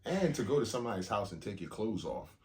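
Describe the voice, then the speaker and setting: A man's voice: on the low side, very animated, fast talker, darkish tone. A man co-hosting a podcast in casual chat, playful and teasing with laid-back slang. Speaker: podcast co-host.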